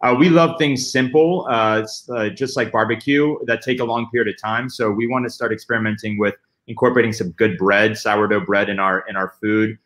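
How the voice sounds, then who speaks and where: A man speaking as a pitmaster guest in a casual panel discussion. He explains things in a relaxed way with frequent fillers. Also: on the low side, a little fast, few pauses.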